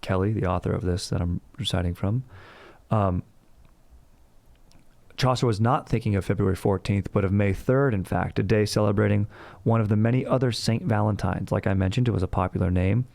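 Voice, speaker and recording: A man's voice: lowish voice, steady tone, a little fast, vocal fry, darkish tone, dry recording. A man hosting a casual comedic history show, rambling and slangy, cursing freely. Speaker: history podcast host.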